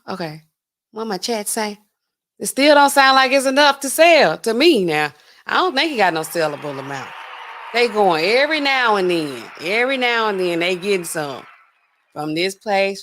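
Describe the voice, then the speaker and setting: A woman hosting a livestream, chatting casually and talking straight to her viewers. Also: medium pitch. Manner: chatty and animated, talks straight to her chat. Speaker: livestream host.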